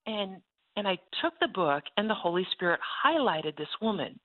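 Lady telling a faith story on the phone, lively and laughing, sounds thin like a phone call. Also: medium pitch, moderate pace. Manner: expressive storyteller, laughs often. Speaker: author guest. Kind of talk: animated faith testimony. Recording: phone-like line.

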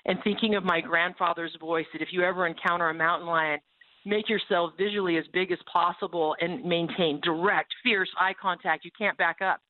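A woman's voice: on the low side, steady tone, a little fast, dry recording. A woman guest telling a personal story and then preaching with fervor, heard over a phone line. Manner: fervent, preaching. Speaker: guest author. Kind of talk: testimony with a sermon-like call.

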